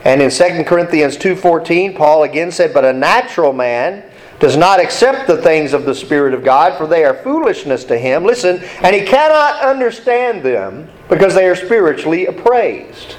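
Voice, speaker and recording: A man's voice: a little high, sing-song, normal speed, rough recording. A male pastor preaching an emphatic sermon, repeating key points and asking the congregation to read along.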